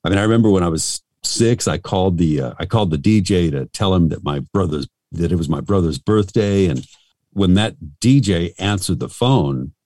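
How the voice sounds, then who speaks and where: A middle-aged man with a very low voice tells stories in a relaxed interview. His delivery swings up and down with lively pitch, and he rambles through his stories with a self-deprecating streak. The recording is dry and close to the mic. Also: normal speed, dry recording. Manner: rambling, chatty, self-deprecating with many restarts. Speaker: radio host and voice actor. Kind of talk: casual interview storytelling.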